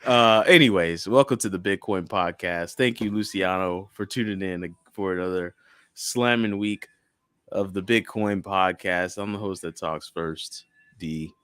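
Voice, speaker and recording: A man's voice: low-pitched, measured pace, fairly bright tone, clear, resonant tone, dry recording, studio quality. A man hosting a podcast in casual chat, joking and offhand. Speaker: podcast host.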